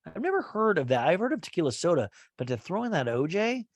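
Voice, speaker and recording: A man's voice: high voice, very animated, fast talker, no echo. Chatty man recapping reality TV. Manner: chatty, rambling, with fillers and asides. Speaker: podcast host. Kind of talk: casual TV recap.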